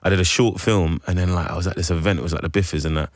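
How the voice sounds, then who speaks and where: A man's voice: deep voice, fairly even intonation, very fast, no room sound, clean studio sound. A man with a London accent chatting as a guest actor on a radio show, rambling and slangy with many fillers. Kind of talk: casual radio interview chat. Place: radio studio.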